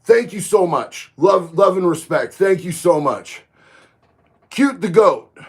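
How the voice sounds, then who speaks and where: A man, chatting casually on a livestream, reading viewer comments and getting loud and emphatic on his opinions. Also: high-pitched, animated, unhurried. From Florida. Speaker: livestream host.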